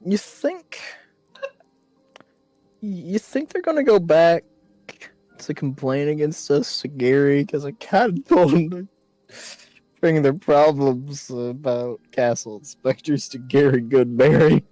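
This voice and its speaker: A woman speaks with dry wit, stopping and restarting as she addresses the table. Her voice is mellow, with lively pitch movement. The sound is dry and close, with faint music behind. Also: slow, no room sound. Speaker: tabletop game player. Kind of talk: casual actual-play chat.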